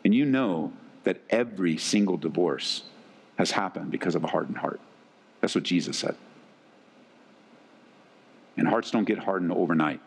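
A man's voice: low voice, normal speed, creaky, long pauses, slightly rough, long reverb tail. A man preaching a sermon to wives, earnest and emphatic, often repeating key words for weight. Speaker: pastor.

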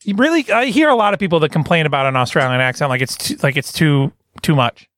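A man co-hosting a comedy podcast, chatting casually in an animated, joking way. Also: a little high, dry recording. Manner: animated, joking, quick to laugh. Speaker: podcast co-host.

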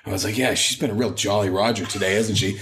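A man in his thirties with a somewhat low voice chats on a casual podcast. He tells profane workplace stories and acts out the people in them. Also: fast. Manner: profane storytelling, animated retellings. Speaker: podcast co-host. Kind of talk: casual chat.

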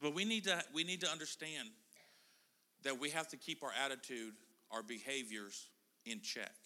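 A man's voice: medium pitch, normal speed, sharp tone. A middle-aged man preaching a casual sermon in a church, chatting and joking with the congregation. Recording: church hall reverb.

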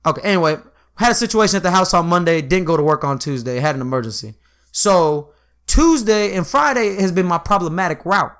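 A young man telling a long work story in casual chat, animated and profane, acting out the quoted lines and filling with "you know what I'm saying". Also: high-pitched, brisk.

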